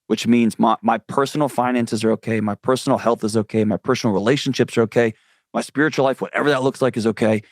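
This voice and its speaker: A man's voice: medium pitch, steady tone, fast, no echo. Earnest guy talking candidly in an interview, dry close mic. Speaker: guest mental health expert. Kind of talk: conversational interview.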